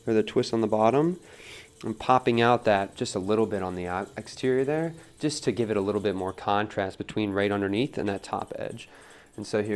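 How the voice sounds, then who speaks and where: A man giving a relaxed live pottery demonstration at the wheel, talking through each step on a wireless mic in his studio. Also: lowish voice. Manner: relaxed, talks while working at the wheel, reads chat aloud. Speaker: pottery teacher streaming a demo. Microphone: wireless transmitter mic.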